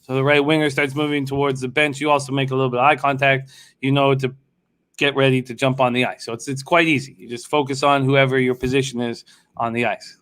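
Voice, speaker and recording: A man's voice: medium pitch, flat delivery, fast talker, fairly bright tone, clean tone. A man hosting a live sports betting show, chatting loosely, swearing now and then while he places bets. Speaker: sports betting radio host. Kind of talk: casual live show chat.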